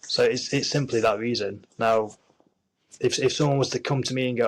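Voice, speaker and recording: A man's voice: medium pitch, fairly even intonation, moderate pace, low-quality recording. A man with a Yorkshire accent, an actor and screenwriter talking earnestly as an interview guest, with many restarts and fillers. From Yorkshire, England. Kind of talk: casual interview chat.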